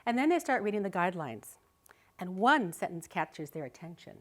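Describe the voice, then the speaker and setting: A woman's voice: on the low side, sing-song, fairly quick. A middle-aged woman giving a live talk, telling a personal story vividly and expressively, often laughing. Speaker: speaker. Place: live speaking event.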